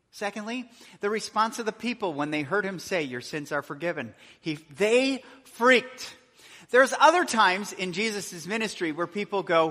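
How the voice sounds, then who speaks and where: Bright-voiced male preacher in a reverberant hall. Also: sits high. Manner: earnest preaching with rising and falling emphasis. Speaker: pastor. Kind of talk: sermon.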